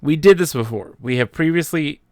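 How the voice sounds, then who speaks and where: A man's voice: fairly high pitch, normal speed, a little mellow, no room sound, studio quality. A man chatting casually and joking while playing a game on a live stream. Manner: jokey, easily laughing, rambling. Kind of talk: casual joking chat during a gameplay stream.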